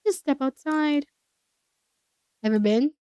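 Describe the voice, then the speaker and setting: A woman's voice: sits high, fast, warm tone, no echo, natural voice. A woman voicing a jaded woman who finds humans dull, in a sardonic, weary tone. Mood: scornful.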